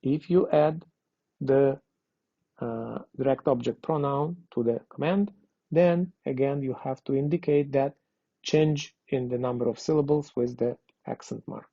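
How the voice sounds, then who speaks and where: A man's voice: medium pitch, lively intonation, unhurried, creaky, dark tone, no room sound. A man teaching a language lesson, explaining grammar patiently and checking understanding with frequent questions. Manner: patient, repeats and checks with "okay?". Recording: dull lo-fi dry recording.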